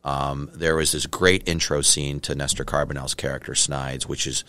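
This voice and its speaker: A man from Canada, a film director, chatting in an interview and acting out scenes in quick little voices. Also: a bass voice, flat delivery, bright, forceful tone. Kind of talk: casual interview storytelling.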